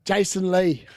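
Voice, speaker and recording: A man's voice: sits high, dry recording, studio quality. A young adult man with an Australian accent, hosting a casual live football watchalong and reacting to the chat. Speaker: watchalong host.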